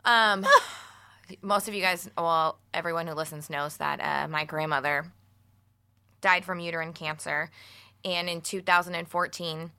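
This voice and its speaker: A woman with a lowish but bright, forward voice tells a story on a casual talk show. She is animated and profane, mixing laughter into her telling. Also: measured pace, smooth. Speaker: podcast co-host. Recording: studio mic, radio show.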